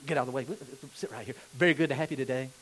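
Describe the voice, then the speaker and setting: An eager church greeter who fusses over an important guest, as a preacher puts him on. He speaks low and hushed, a little under the preacher's usual pitch, quick and excited. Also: natural voice, poor audio. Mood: fawning.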